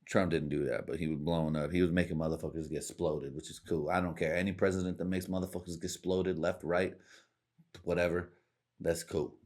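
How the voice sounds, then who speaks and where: Low-voiced profane podcast host. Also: male voice, level tone, fairly quick, darkish tone. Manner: rambling, profane, laughs at his own jokes. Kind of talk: casual profane podcast rant.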